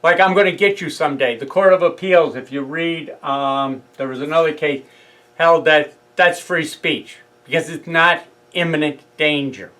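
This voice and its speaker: Slow-talking man with a New York accent. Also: a little high, sharp tone, poor audio. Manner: acts out both sides of a heated phone argument. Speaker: speaker recounting a legal case. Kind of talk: casual storytelling monologue.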